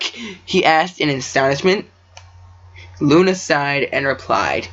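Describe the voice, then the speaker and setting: A man's voice: a little high, animated, measured pace, fairly bright tone. A man reading his own story aloud, stumbling over words and breaking off into joking asides. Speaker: amateur story reader. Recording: dull lo-fi recording.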